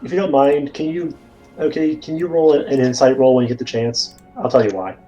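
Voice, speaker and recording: A man's voice: medium pitch, steady tone, fairly quick, warm tone, lo-fi sound, soft background music. A man playing a tabletop game, chatting casually and stumbling over his words with many restarts. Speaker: player.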